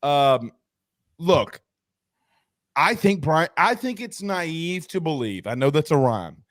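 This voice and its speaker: A man hosts a casual sports show, his voice sitting fairly high. He tells stories with animated, joking energy. The sound is dry and close to the mic. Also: slow pace, no echo. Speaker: sports talk show host.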